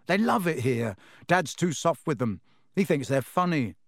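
A man's voice: a little high, very animated, a little slow, no room sound, studio quality, full character voice. A man voicing a matter-of-fact teenage boy in a storybook reading, offhand and a little grim.

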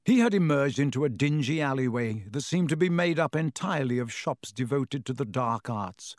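A man reading an audiobook in a measured, expressive storytelling manner. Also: mid-range voice, no room sound. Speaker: narrator. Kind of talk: audiobook narration.

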